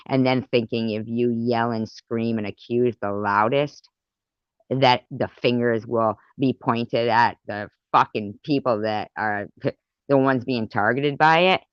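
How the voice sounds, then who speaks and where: A woman's voice: extremely low pitch, smooth, no room sound, muffled recording. A woman vlogger in an angry, profane rant to the camera, taunting and repeating words for emphasis.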